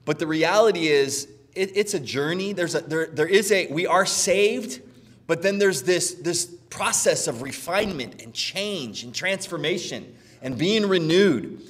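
Animated middle-aged male pastor preaching. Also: a little high, unhurried, long reverb tail. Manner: animated and conversational, often asking "right?". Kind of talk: sermon.

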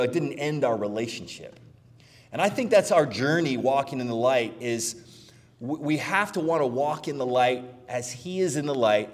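A middle-aged man preaching a sermon as pastor, conversational and animated, often checking in with "right?". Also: fairly high pitch, big-room sound.

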